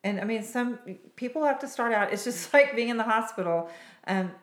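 A woman who works as a nurse injector, hosting a casual podcast chat in an animated, chatty way and laughing often. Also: fairly high pitch, a little fast. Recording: roomy echo.

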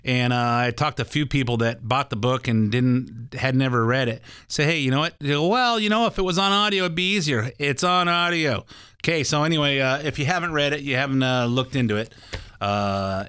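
An older man hosts a talk radio show and talks in a casual, rambling, folksy way, full of filler words. His voice is smooth and resonant and sits at an ordinary pitch. It sounds dry and close to the studio mic. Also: fairly bright tone, no echo. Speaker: radio show host and mortgage broker.

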